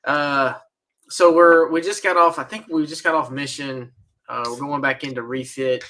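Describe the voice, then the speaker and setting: A man co-hosting a podcast, chatting casually, pausing and restarting as he tells an army story. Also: fairly high pitch, fairly even intonation, bright, forceful tone. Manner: halting, restarts often, laughs along. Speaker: podcast co-host. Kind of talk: casual chat.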